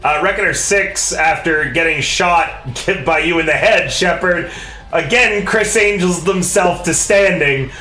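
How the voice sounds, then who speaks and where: A man narrating as game master of a tabletop game, with animated, playful rules calls. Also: fairly high pitch, a little slow, echoey room, faint music behind, low-quality recording.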